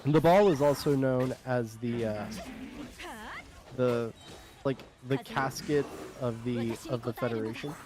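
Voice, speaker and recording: A man's voice: mid-range voice, measured pace, over music. A man from South Carolina with a Southern accent, rambling through casual stream chat and laughing often. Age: adult, former military.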